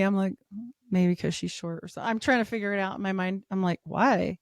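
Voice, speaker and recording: A woman in her thirties, a podcast guest chatting casually, telling stories with lots of laughter and playing the other people in them in a higher voice. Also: fairly quick, dry recording. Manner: animated storyteller, acts out quotes in a higher voice; laughs often, swears casually.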